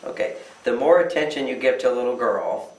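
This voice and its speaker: A man's voice: mid-range voice, expressive, brisk. An older man, a relationship author answering interview questions with emphatic delivery who often acts out quoted voices. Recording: echoey room, distant mic.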